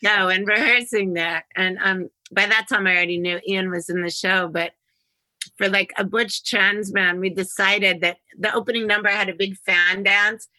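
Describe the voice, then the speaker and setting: A woman's voice: medium pitch, steady tone, normal speed, sharp tone, no echo, low-quality recording. A middle-aged woman hosting a casual interview, chatty and storytelling, laughing often and swearing freely. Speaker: podcast host.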